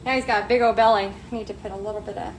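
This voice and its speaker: A woman's voice: mid-range voice, fairly even intonation, racing. A woman hosting a live painting tutorial, upbeat and chatty, talking to her viewers as she works. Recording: echoey room, faint background noise.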